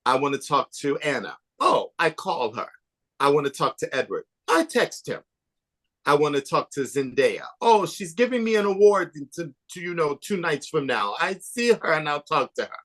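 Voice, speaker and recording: A man slipping into a glamorous, unbothered woman with a deliberately poor foreign accent, pitched noticeably higher than his own voice. She reels off her plans in a breezy, offhand way, as if meeting anyone were nothing at all. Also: very animated, a bit bright. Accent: put-on foreign accent, admittedly poor. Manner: breezy, offhand, name-dropping.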